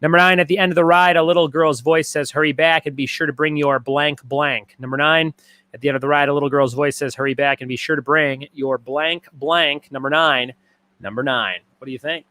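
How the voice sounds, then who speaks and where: A man's voice: on the high side, fairly even intonation, fairly quick, pushed and bright, dry recording. A man hosting a casual trivia livestream from his garage, joking around and reading out viewer comments between questions. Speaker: trivia host. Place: home garage.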